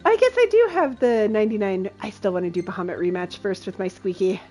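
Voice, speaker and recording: A woman's voice: mid-range voice, expressive, quick pace, darkish tone, soft background music. A woman streaming a video game with casual, playful commentary, laughing often.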